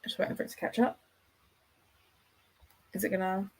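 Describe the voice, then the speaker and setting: A woman's voice: medium pitch, flat delivery, moderate pace, darkish tone. A woman hosting a livestream, chatting casually and enthusiastically with her viewers as she rambles from one thought to the next. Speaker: livestream host.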